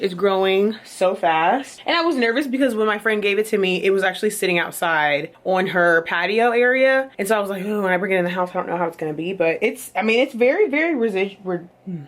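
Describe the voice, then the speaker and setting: A woman chatting casually in a home vlog, animated, her voice jumping high when she exclaims. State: a bit out of breath. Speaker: vlogger. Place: apartment rooms, moving around.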